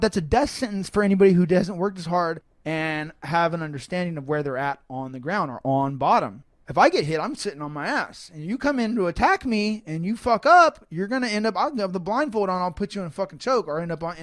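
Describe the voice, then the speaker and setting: High-voiced man, rambling and profane. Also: fast, hardly any pauses. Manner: rambling, profane, restarts sentences often. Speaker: fighter. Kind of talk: casual interview.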